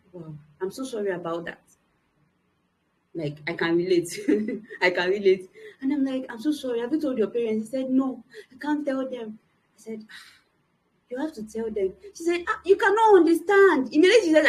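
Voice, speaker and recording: A woman's voice: medium pitch, a little mellow, poor audio. A young adult woman, a motivational speaker, giving an earnest, emphatic personal testimony to young people.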